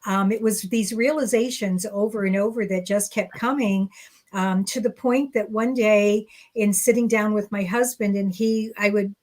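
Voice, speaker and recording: A woman's voice: medium pitch, steady tone, moderate pace, a little mellow. A woman guest on a podcast interview, talking candidly and earnestly about finding her voice. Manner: earnest, candid, acts out remembered dialogue. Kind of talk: conversational interview.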